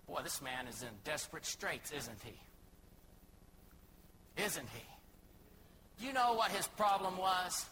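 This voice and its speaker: A man's voice: high voice, bright, forceful tone, a little hiss or hum, low-quality recording. A man from Texas, a missionary preacher, giving a dramatic sermon and acting out the people in the Bible story. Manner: dramatic, acts out biblical speakers.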